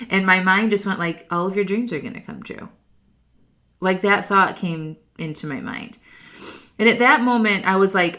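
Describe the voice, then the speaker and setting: A woman's voice: fairly low pitch, a bit bright. A middle-aged woman hosting a podcast as a life coach, telling a personal story in a chatty, emotional way with lots of fillers. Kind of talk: casual storytelling monologue.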